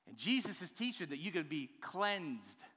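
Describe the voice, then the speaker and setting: A man preaching a sermon to his church, swinging between hushed, drawn-out lines and loud, emphatic ones. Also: fairly high pitch, big pitch swings, husky. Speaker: pastor. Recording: long hall reverb.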